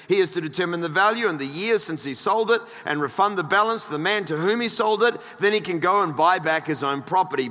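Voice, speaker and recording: A man's voice: high voice, pushed and bright, long reverb tail. A man preaching a sermon as pastor, joking with the congregation and reading scripture aloud.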